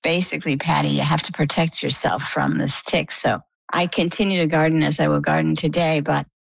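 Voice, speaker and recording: Low-voiced, gravelly woman telling her story. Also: brisk, no room sound, low-quality recording. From Maine, US. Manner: lively storyteller, acts out quoted dialogue. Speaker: interview guest.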